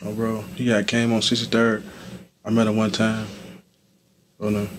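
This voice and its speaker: Here a young guy is being interviewed on the street, his fairly low voice totally flat and moving at a moderate pace. His talk is relaxed and rambling, packed with fillers such as "you feel me," over slight background noise.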